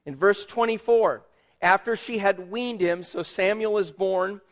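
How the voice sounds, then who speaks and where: A man's voice: high-pitched, a little slow, highs cut off. A man preaching a sermon as pastor, emphatic and conversational, with asides to the congregation.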